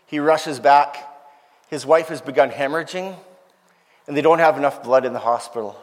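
A man's voice: a little high, moderate pace, pauses often. Earnest man preaching in a reverberant hall. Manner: earnest, emotional, quotes others in lively voices. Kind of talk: sermon storytelling.

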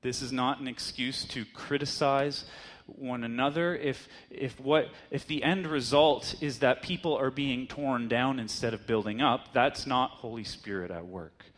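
A man's voice: medium pitch, a little slow, a bit bright. A man preaching a sermon in a conversational teaching manner, asking his listeners rhetorical questions.

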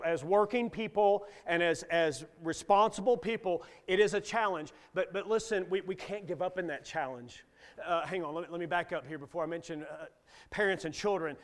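A middle-aged male guest preacher delivering a sermon in a folksy, joking manner. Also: sits high.

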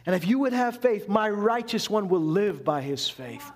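High-voiced man preaching a lively sermon. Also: moderate pace. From Canada. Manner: conversational, animated preaching with rhetorical questions. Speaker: pastor.

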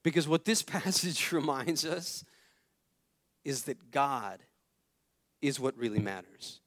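A man's voice: medium pitch, lively intonation, slow, a bit bright. A man in his thirties preaching a conversational sermon, telling family stories and repeating phrases for emphasis. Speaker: pastor.

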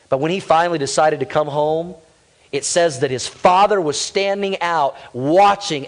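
A male pastor preaching a humorous, animated sermon, calling out to his congregation. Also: on the high side.

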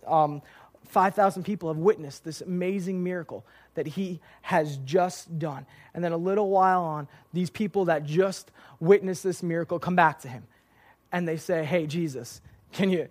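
Young male youth pastor, high voice, chatty storytelling sermon with fillers. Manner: lively storytelling with filler words.

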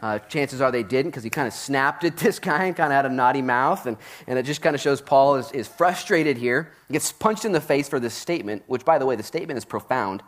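A man preaching a Bible-teaching sermon in a casual, animated way, with jokey asides. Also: mid-range voice, fairly quick, few pauses. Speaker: pastor.

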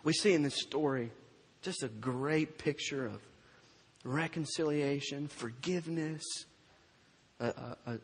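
A male preacher giving a sermon, telling a story in an animated way and slowing down for emphasis. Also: on the high side, husky, big-room sound.

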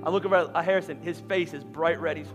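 A pastor in his thirties from Philadelphia, USA, preaches a sermon in a large church, telling a lively personal story. He speaks fast with a fairly high pitch, growing animated until he's nearly shouting. The recording has long hall reverb and faint music.

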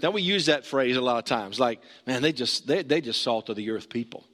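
A man's voice: medium pitch, lively intonation, brisk, few pauses, pushed and bright. A man preaching a sermon, conversational and emphatic, putting questions to his listeners. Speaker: pastor. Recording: long hall reverb.

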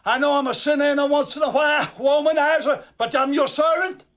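A desperate preacher crying out to God, his voice pushed very high as he begs and hollers. He sounds raw and wrung out, shifting between pleading and shouting in a film drama scene. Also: steady tone, fairly quick. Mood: anguished. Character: anguished male preacher shouting at God at night.

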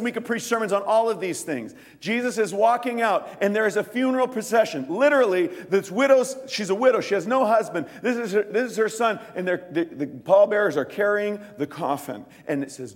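Pastor guy preaching, high voice that jumps all over, big hall echo. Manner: animated storytelling, acts out quoted lines in quick voices. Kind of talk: sermon.

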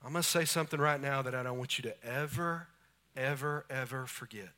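A man preaching a sermon, swinging between booming lines and hushed, intimate ones in a church. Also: brisk. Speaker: pastor. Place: church sanctuary.

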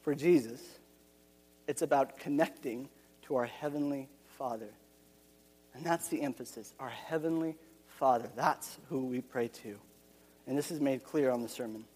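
A man's voice: mid-range voice, moderate pace, a little mellow, slightly rough, long reverb tail. A man preaching a sermon, earnest and repeating his key phrases, with frequent restarts.

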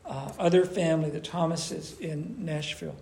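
A man preaching to his congregation in a relaxed, chatty way, with a slightly raised, gravelly voice. He breaks into quick acted voices to make his points. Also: on the high side, slight background noise. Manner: animated, conversational, acts out voices. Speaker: pastor. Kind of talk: sermon. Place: church.

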